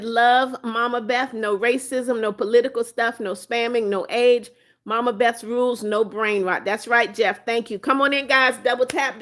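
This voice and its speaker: A woman from Florida hosts a casual phone livestream, reading her viewers' comments aloud one by one. Her voice sits a little higher than most, friendly and talkative, and she turns firm when she lays down her rules. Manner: warm, chatty, firm about her rules. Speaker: livestream host.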